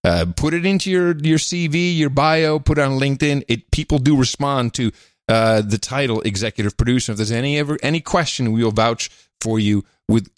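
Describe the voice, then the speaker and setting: A man co-hosting a podcast in casual chat, playful and quick to laugh. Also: medium pitch, no echo, studio quality. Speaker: podcast co-host.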